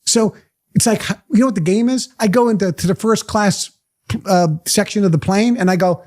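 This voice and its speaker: A motivational speaker, a man with a fairly high voice that swings widely in pitch. He talks emphatically, pressing his listeners with question after question. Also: animated, moderate pace, a little mellow. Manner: emphatic, fires rhetorical questions. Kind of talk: motivational talk to a live group.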